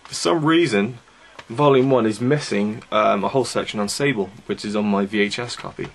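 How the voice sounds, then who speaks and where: A man's voice: on the low side, brisk, a little hiss or hum. A young man giving a casual, chatty review of wrestling DVDs, enthusiastic and full of fillers. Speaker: DVD reviewer.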